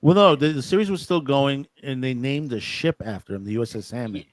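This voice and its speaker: A man's voice: mid-range voice, brisk, no room sound. Eager man repeating himself. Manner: eager, repeats phrases, interjects. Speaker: podcast co-host. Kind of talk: casual fan chat.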